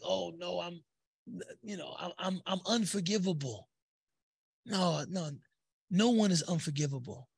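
A man's voice: high-pitched, a bit bright, husky, dry recording. A man teaching a spiritual text in a conversational way, with many fillers and tag questions. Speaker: religious teacher.

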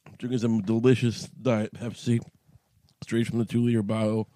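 A man's voice: fairly low pitch, flat delivery, normal speed, warm tone, no room sound. Crude, rambling man in a closet. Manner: crude, profane, rambling comic riffing. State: morning voice, slightly cracky. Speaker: podcast host. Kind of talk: rambling solo podcast monologue. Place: small closet.

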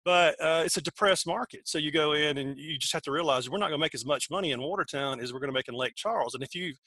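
A man from Georgia with a Southern accent, talking as a guest in a casual podcast interview, folksy and animated. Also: a little high, fast talker, no echo. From Georgia, United States. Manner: folksy, animated, laughs easily. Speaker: podcast guest, startup CEO.

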